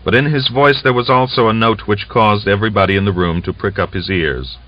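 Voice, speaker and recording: A man narrating a novel as an audiobook in a steady, measured reading. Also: lowish voice. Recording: dull lo-fi audiobook recording.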